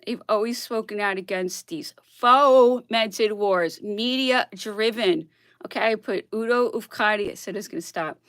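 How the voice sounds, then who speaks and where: A woman's voice: mid-range voice, unhurried, a bit bright, no echo. Blogger lady ranting all worked up, keeps saying okay?, laughs a lot, dry close sound. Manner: worked-up, repeats "okay?", laughs between points. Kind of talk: casual rant to camera.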